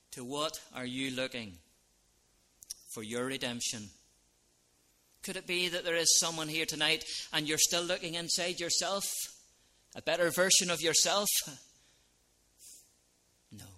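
Slow, bright-voiced preaching minister. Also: male voice, a little high. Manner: earnest preaching with sudden soft drops and loud rises. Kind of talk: evangelistic sermon.

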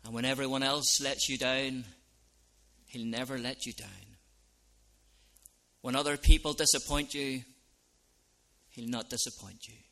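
A man preaching an evangelistic sermon as a minister, earnest, dropping to soft lines and rising to loud ones. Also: medium pitch, fairly even intonation, measured pace, creaky, pauses often.

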